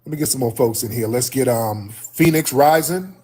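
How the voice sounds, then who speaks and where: A man hosts a call-in livestream with a husky, slightly breathy voice. He hammers his points home and says them again for emphasis. His voice sits at an ordinary middle pitch. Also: normal speed, a little mellow. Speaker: host.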